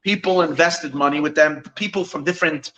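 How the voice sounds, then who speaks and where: A man, a rabbi, telling a Chassidic story at an evening gathering, animated, with many restarts and Yiddish phrases mixed in. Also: on the high side, a little fast, dull audio.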